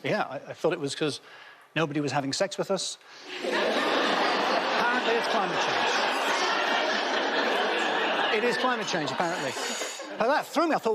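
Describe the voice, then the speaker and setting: A man's voice: sits high, sing-song, fairly quick, long pauses. A man doing a wry, self-mocking stand-up routine in a TV studio. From half Scottish. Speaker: comedian panellist. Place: TV studio with audience. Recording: studio audience laughter and noise.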